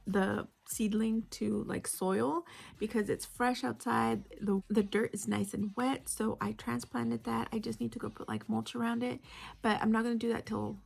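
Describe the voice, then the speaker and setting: A woman's voice: on the high side, flat delivery, normal speed, gravelly, a little mellow, breathy edge. A woman chatting casually in a crochet vlog, rambling and often dropping to a whisper. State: unwell with a migraine. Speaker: crochet vlogger. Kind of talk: casual chat. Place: home.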